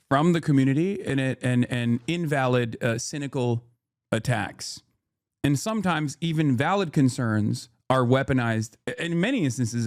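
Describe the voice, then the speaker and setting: A man hosting a live stream talks straight to his chat in a loose, unscripted way. He moves between joking pushback and earnest explaining, often restarting sentences as he works out his point. His voice sits at an ordinary middle pitch, recorded close and dry. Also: dry recording. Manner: frequent restarts and filler while thinking aloud. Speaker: livestream host. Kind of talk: casual live-stream commentary.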